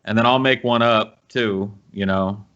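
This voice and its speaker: A man's voice: lowish voice, fairly even intonation, unhurried, a bit bright, smooth. A man co-hosting a podcast in casual chat, laid-back, hedging and self-deprecating. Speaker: podcast co-host. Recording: dull lo-fi audio.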